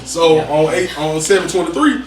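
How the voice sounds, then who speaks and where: A man telling a story in a casual, animated way, repeating himself for emphasis, as a podcast guest. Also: on the high side, normal speed, loud music behind the voice. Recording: roomy, distant mic with background noise.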